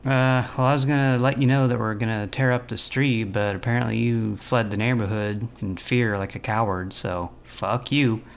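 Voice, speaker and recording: A man's voice: medium pitch, normal speed, vocal fry, hardly any pauses, a little hiss or hum. Mocking man on a prank call. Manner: mocking, taunting, calmly teasing. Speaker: prank caller.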